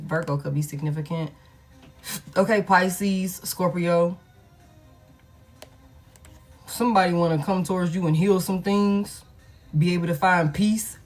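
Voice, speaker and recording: A woman giving a casual tarot reading, emphatic and reassuring, repeating herself and swearing freely. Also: lowish voice. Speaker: tarot reader.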